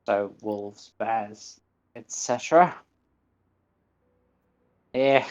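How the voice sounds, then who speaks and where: A man's voice: mid-range voice, fairly even intonation, slow pace, a little mellow, highs cut off. A man giving casual commentary on a game stream, chatty and laughing at himself while reading game text aloud. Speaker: gaming streamer.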